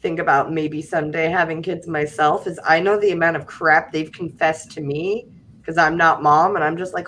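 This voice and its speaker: Speaking at normal speed in a deep voice, a young adult woman runs a livestream with a little hiss or hum in the background. She laughs a lot while animatedly telling funny stories in casual chat.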